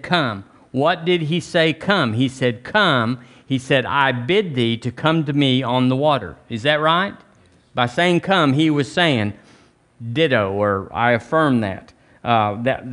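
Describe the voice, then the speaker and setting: A man's voice: medium pitch, a bit bright. A male pastor, preaching a sermon in a folksy, conversational way, repeating phrases and asking the congregation to answer back. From Alabama, US. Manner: folksy, repetitive, conversational preaching with call-and-response. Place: church.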